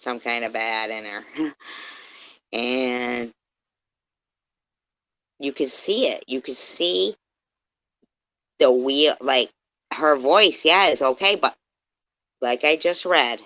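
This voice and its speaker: A woman ranting profanely on a livestream, swinging from yelling to low muttering, heard through dull lo-fi stream audio. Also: expressive, slow, pauses often, dry recording.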